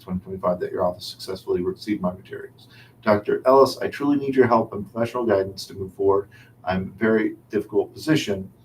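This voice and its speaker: Low-voiced man reading a viewer's question. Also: darkish tone, a little hiss or hum, poor audio. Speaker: webinar co-host reading questions.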